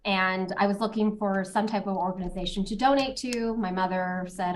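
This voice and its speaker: A woman's voice: mid-range voice, fairly even intonation, moderate pace, hardly any pauses. Chatty woman lawyer telling stories. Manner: chatty storytelling with light laughs. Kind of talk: interview answers.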